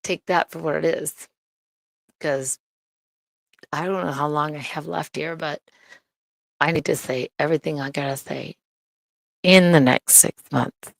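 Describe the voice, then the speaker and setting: A woman's voice: low-pitched, steady tone, measured pace, gravelly, long pauses, no echo. A woman hosting her own livestream, ranting in a profane, heated and indignant way. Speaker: livestream host.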